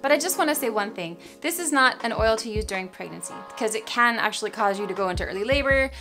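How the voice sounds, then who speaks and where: Pregnant young woman vlogging, gushy and giggly, kinda high voice, bit out of breath, faint music in the back. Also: expressive, fast. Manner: bubbly and gushing, laughs often. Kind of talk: casual product chat to camera.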